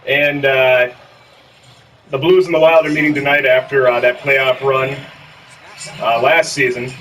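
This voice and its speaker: Bright-voiced Minnesotan man, jokey host. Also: mid-range voice, flat delivery, a little slow, far from the mic, slight background noise, rough recording. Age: 30s. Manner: jokey, plays up a hammy local accent. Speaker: gaming video host. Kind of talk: casual gameplay commentary.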